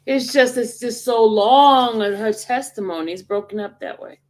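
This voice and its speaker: A woman's voice: fairly high pitch, normal speed, darkish tone. A woman hosting a livestream, talking casually and rambling straight to her viewers. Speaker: livestream host.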